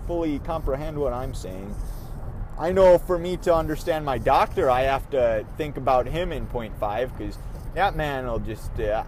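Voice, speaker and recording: A man's voice: a little high, slight background noise. Young man rambling on his podcast. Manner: rambling, self-deprecating, swears casually. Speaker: podcast host. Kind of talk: casual solo podcast monologue.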